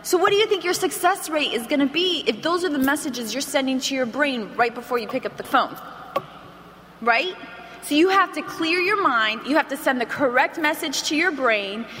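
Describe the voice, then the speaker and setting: A woman with a bright, somewhat high voice leads an animated sales training on stage. Her words ring out with a long hall reverb over faint background noise. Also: moderate pace. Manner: energetic, animated, acts out phone calls. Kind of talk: motivational training talk to an audience. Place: large hall with an audience.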